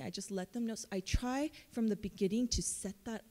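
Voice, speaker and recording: A woman admissions counselor giving a chatty, animated conference presentation, full of fillers and playful quoted voices. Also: fairly high pitch, a little fast, few pauses. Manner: jumps into playful character voices for quoted texts. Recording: long reverb of a conference room.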